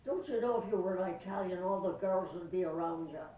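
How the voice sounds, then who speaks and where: A woman's voice: lowish voice, brisk, warm tone, lightly acted. Jolly Irish pub men, put on by an older woman, jaunty joke delivery, distant echoey recording. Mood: jokey. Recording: echoey room, distant mic, faint noise.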